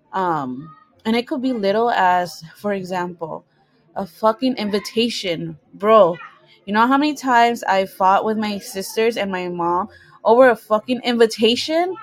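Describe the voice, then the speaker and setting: A woman's voice: mid-range voice, moderate pace, low-quality recording. A young woman co-hosting a podcast from her bedroom at home, talking candidly with frequent swearing and laughter. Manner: candid, profane, laughs often. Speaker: podcast co-host. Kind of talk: casual podcast chat.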